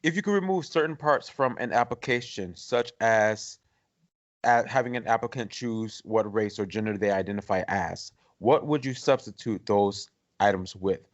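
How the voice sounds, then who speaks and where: A man's voice: fairly low pitch, moderate pace. A man moderating a mock debate, formally repeating thanks and keeping time, recorded on dull lo-fi audio. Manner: formal, repetitive, trying to keep order.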